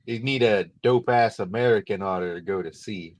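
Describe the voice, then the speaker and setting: A man's voice: lowish voice, moderate pace, no echo. A man co-hosting a casual online stream, making dry joking asides. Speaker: stream co-host. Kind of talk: casual chat.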